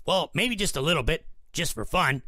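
A man voicing a playful, excitable male pet dog in a silly, chatty storybook manner. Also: a little high, moderate pace, no echo, clean studio sound. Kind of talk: storybook narration.

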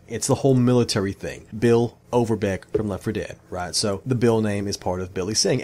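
An Australian man in his thirties, chatting casually and rambling through video game lore as a gaming YouTuber, often saying "y'all". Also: mid-range voice. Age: 30s.

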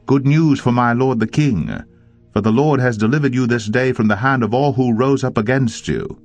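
A man's voice: mid-range voice, normal speed, darkish tone, dry recording, soft background music, voice pushed up, close to an everyday voice. A man voicing an eager royal messenger. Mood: announcing. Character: eager male messenger bringing news.

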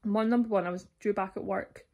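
A woman's voice: mid-range voice, fairly even intonation, fairly quick, dark tone. Chatty young Scottish woman, unwell. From Scotland. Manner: chatty, rambling, candid, with many fillers. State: ill, sore throat and cough. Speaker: vlogger. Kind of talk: casual vlog chat to camera.

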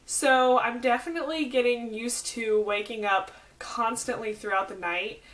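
This is a young woman with a Southern American accent chatting to her camera. She rambles happily from one side note to the next, full of fillers. Her voice sits somewhat high. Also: fairly even intonation, moderate pace, a bit bright. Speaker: pregnancy vlogger. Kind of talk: casual chat.

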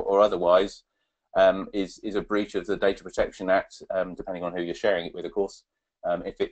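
A man's voice: low-pitched, lo-fi sound. A man presenting a webinar on data protection, talking with many ums and restarts as he answers audience questions.

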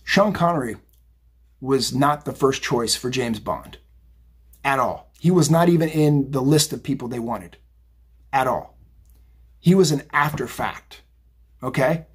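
Chatty man, very husky voice. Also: mid-range voice, a little slow, pauses often. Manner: chatty, rambling, animated, says "right?" and "okay?" often. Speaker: psychic tarot reader. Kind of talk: casual tarot reading monologue.

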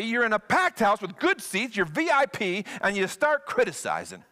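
Guest pastor, male, bright voice, very lively delivery. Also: high-pitched, moderate pace, hardly any pauses, a little hiss or hum. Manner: animated, playful preaching. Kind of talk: sermon.

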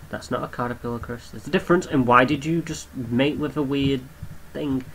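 A young man talks his way through a simulation game, chatting to the creatures on screen as he goes. His voice sits at an ordinary middle pitch. A faint hiss of noise runs underneath. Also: normal speed, low-quality recording. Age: young adult. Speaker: gameplay commentator. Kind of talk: casual gameplay commentary.

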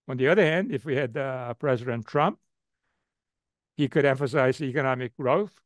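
A man's voice: medium pitch, no room sound. An older man, an economist, answering a question in a webinar, with lots of "uh" and "you know" fillers and repeated phrases. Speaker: economist guest speaker.

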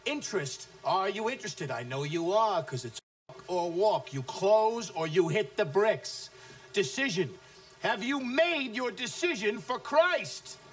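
A brash abusive sales boss. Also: male voice, animated, unhurried. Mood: aggressive. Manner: aggressive, taunting, swings between shouting and low menace. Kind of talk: film acting.

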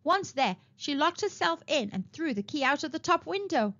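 A woman narrating a children's picture book aloud with expressive storytelling, on a dull lo-fi recording. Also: high-pitched, moderate pace. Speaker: storytime reader.

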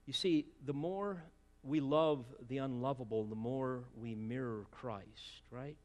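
A man's voice: medium pitch, slow. A man preaching an expository sermon as pastor, emphatic, with rhetorical asides and repeated words as he presses a point.

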